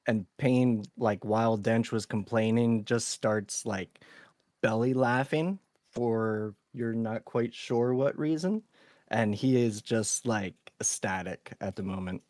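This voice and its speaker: A man in a tabletop game, describing his character in a drawn-out, deadpan way. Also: on the low side, dry recording, studio quality. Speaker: player. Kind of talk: casual tabletop play narration.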